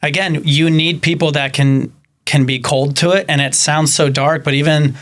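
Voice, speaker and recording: A man's voice: a little high, normal speed. A man telling rescue stories. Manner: animated storytelling, acts out quoted people. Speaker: podcast guest, animal rescuer. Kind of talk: casual chat.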